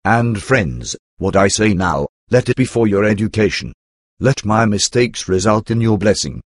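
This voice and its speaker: A man narrating a first-person memoir in a measured, earnest storytelling manner. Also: on the low side, expressive, dry recording, clean studio sound.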